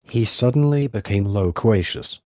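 A male audiobook narrator with a low voice tells the story in a measured, even manner. The sound is clean studio audio with no room sound.

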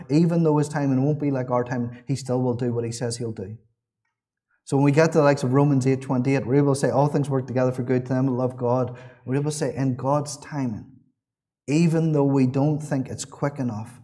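A man's voice: mid-range voice, dark tone. A man preaching a sermon in a church, earnest and repeating his key phrases, with small restarts.

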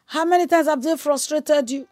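A woman evangelist, preaching a sermon with emphatic repetition and moving into loud prayer and speaking in tongues. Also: sits high, steady tone, normal speed, no room sound.

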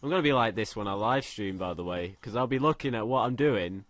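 A young man doing let's play commentary, excitable, swearing a lot and shouting when thrilled. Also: fairly low pitch, brisk, few pauses, dry recording. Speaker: gaming commentator.

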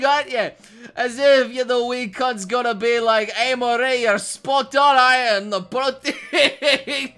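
A man's voice: very high voice, bright, forceful tone, heavily acted. A man putting on a Scottish accent to voice a crude, rowdy lad reading out chat messages, swearing and laughing through them. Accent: put-on Scottish. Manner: sweary, laughing, exaggerated brogue.

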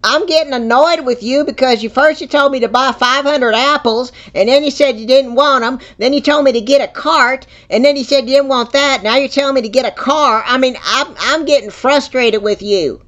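A man's voice: very high-pitched, normal speed, few pauses, fairly bright tone. A man voicing a flustered, easily confused older woman who rambles and repeats herself on a muffled call. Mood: frustrated. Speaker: scam baiter. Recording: muffled phone-call audio.

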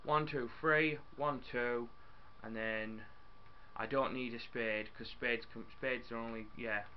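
A young man chatting casually as he plays a building game, excitable and talking to his viewers and his in-game dog. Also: medium pitch, slow pace, lo-fi sound, a little hiss or hum. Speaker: gaming YouTuber.

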